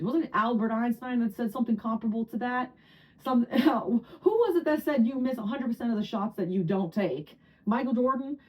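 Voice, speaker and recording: A woman of around forty from New Jersey giving a casual tarot reading to camera, chatty and excitable, often breaking into laughter and high squeals. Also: low-quality recording. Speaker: tarot reader.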